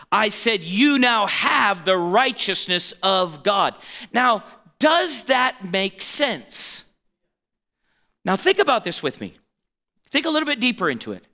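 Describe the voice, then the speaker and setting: A man in his forties delivers a sermon in a high, bright voice. He talks slowly and deliberately, with a lively lilt that rises and falls. He keeps checking that his listeners are following along. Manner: conversational preaching with frequent check-ins and laughter. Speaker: pastor.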